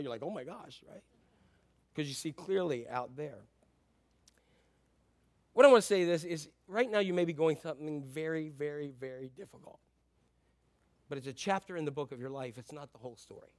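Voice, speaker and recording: High-voiced man preaching a sermon. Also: dry recording, studio quality. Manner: conversational, swings from soft asides to loud emphatic passages. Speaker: pastor.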